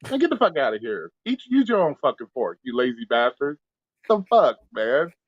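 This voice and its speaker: A man's voice: mid-range voice, sing-song, normal speed, dry recording, muffled recording. A man, a delivery driver, telling stories in casual live-stream chat, blunt and profane, acting out both sides of arguments. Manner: profane, blunt storytelling with quoted back-and-forth. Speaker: gig delivery driver, co-host.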